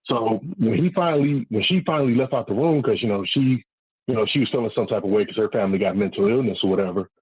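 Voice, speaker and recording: A man calling in to a talk show, telling a long story in a rambling, animated way and swearing freely. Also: medium pitch, quick pace, husky, dry recording. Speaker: caller. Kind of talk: casual storytelling on a call-in show. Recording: muffled phone line.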